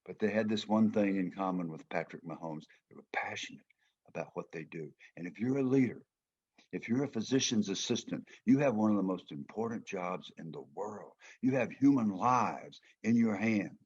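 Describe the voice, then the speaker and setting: A man's voice: lowish voice, moderate pace, a little mellow, breathy edge, highs cut off. An older man with a Southern American accent, from Georgia, telling stories in a folksy, emphatic way as a guest speaker. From Georgia, United States. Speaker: former football player and coach, guest speaker. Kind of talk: storytelling talk.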